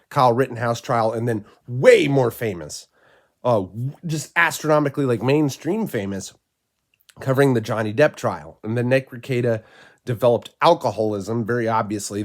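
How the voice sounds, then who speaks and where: A man with a nasal voice from a cold, giving blunt, rambling commentary with frequent swearing. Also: medium pitch. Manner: blunt, profane, rambling with fillers. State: sick, nasal voice. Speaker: commentary channel host. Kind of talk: casual opinion commentary.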